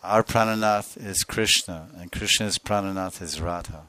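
A man giving a devotional sermon as a spiritual teacher, telling a sacred story with soft laughs and acting out the voices of its figures. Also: deep voice, moderate pace, no room sound. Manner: laughs softly between phrases.

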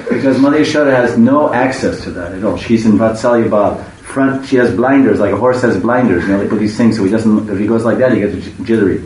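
A man's voice: fairly low pitch, quick pace, few pauses, a little mellow. A man tells a devotional story, rambling and restarting as he goes. His voice sits far from the mic in an echoey room. A faint hiss runs behind him. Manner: rambling, many restarts, stops to explain words. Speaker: religious storyteller.

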